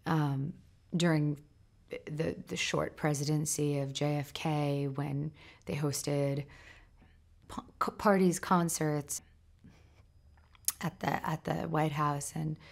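A woman speaking in a thoughtful, halting way with restarts, giving a promotional interview soundbite as a film crew member. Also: sits low, fairly even intonation, gravelly.

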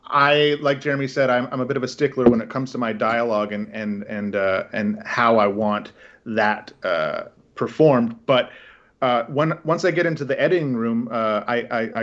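A man's voice: mid-range voice, fairly bright tone, lo-fi sound. A man with a Canadian accent, a film director, talking casually in an interview and rambling with many restarts.

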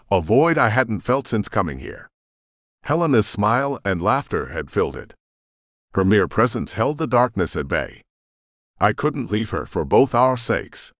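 A deep-voiced man narrates an audiobook in the first person, gruff and brooding. His low pitch still moves with lively swings. The recording is close and dry. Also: no room sound.

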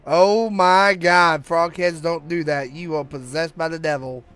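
A man's voice: fairly high pitch, steady tone, measured pace, a bit bright. A man hosting a gaming channel, giving hyped, slangy, joking commentary while he plays a horror game. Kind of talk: let's-play commentary.

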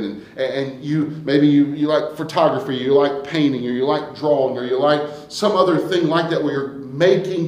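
A man preaching a sermon as pastor, swinging from hushed asides to loud, emphatic declarations. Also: mid-range voice, roomy sound, a little hiss or hum, rough recording. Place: church sanctuary.

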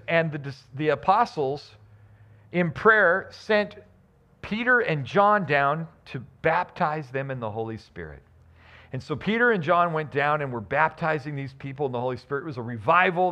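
Animated male pastor preaching. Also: fairly high pitch, highs cut off. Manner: animated, emphatic preaching with restarts. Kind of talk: sermon.

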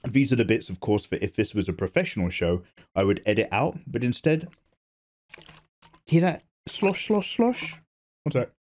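A man's voice: on the low side, animated, quick pace, a little mellow, slight background noise. A man hosting his own art channel, reading viewer comments in casual chat while drawing, playful and self-mocking. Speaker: artist and channel host.

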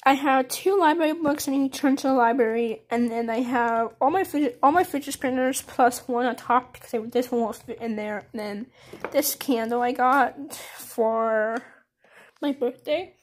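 A woman's voice: high voice, normal speed. A teenage girl giving a casual tour of her bedroom, rambling with lots of fillers and restarts, recorded on a handheld phone camera. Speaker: vlogger.

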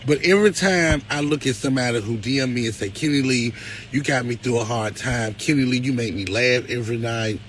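A man's voice: mid-range voice, fairly quick, soft background music, rough recording. A man talking to his viewers on a livestream, emotional and close to tears, with a preacherly lift. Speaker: live-stream host.

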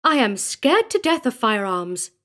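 A man voicing a nervous, fussy upper-class English lady in a shrill falsetto. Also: very animated, unhurried, sharp tone, exaggerated voice. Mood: fretful.

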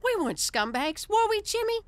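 A woman voicing a loud, hot-tempered middle-aged mob wife from Brooklyn in an animated sitcom, brassy and nagging with a New York accent. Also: very high-pitched. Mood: wistful. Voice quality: brassy, nagging, quick to scream. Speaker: voice actor.

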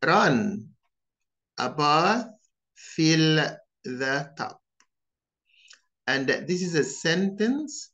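A man teaching English vocabulary, saying each word slowly and deliberately and repeating it in pairs. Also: a little high, sing-song, a bit bright, dull audio. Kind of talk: vocabulary drill lesson.

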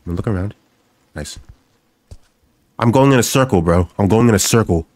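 A man's voice: on the low side, moderate pace, a little mellow, no room sound. A young man giving panicky, joking commentary on a horror game, repeating lines over and over and swearing. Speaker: gaming YouTuber.

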